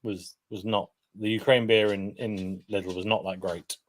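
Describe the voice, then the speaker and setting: A man co-hosting a casual beer live stream, chipping in with short, relaxed remarks. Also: on the low side, measured pace, poor audio. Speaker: co-host. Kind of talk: casual chat.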